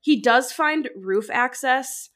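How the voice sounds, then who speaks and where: A woman co-hosting a podcast in casual chat, rambling and excitable, filling her talk with "like.". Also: high voice, takes it slowly. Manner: rambling, fills with "like"; excitable, laughs often. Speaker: podcast co-host.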